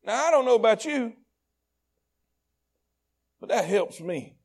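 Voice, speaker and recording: A man preaching a sermon. He repeats phrases in a rhythmic build and swings between hushed, intimate lines and shouted peaks. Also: sits high, sing-song, slow pace, vocal fry. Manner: repetitive, rhythmic delivery. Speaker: pastor.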